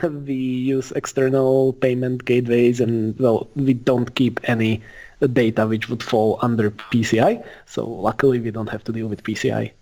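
A man on a tech podcast, explaining in a loud voice from farther away from the mic. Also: medium pitch, little pitch movement, moderate pace, low-quality recording.

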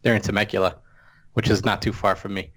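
A man joining a tech podcast as a co-host, chatty and quick to laugh. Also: fairly low pitch, level tone, a bit bright. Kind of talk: casual tech chat.

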